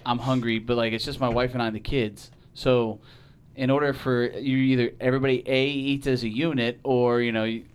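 A man's voice: medium pitch, level tone, fairly quick, clean tone. A man telling a story on a podcast in casual, profane talk, acting out the voices of the people in it. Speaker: podcast guest.

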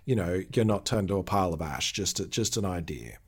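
A man's voice: low voice, lively intonation, a little fast, a little mellow, slightly rough. Chatty man hosting a podcast. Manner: chatty, explains at length, laughs easily. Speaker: podcast host. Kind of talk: casual podcast chat.

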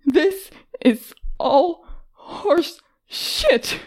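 A woman voicing a brave, guarded young woman who rescues people, sarcastic and quick with retorts. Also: mid-range voice, darkish tone, lightly acted. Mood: tearful anger.

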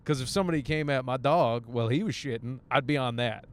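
Driving in his car, a young man hosts a casual solo podcast, his mid-range voice moving at a quick pace. He rants through a crude story packed with jokes and laughter.

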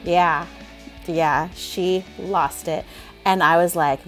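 Gravelly-voiced woman hosting a parenting podcast. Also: fairly low pitch, slow pace, fairly bright tone, soft background music. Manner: upbeat, chatty, with fillers. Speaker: podcast host, parenting coach. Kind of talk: casual podcast talk.

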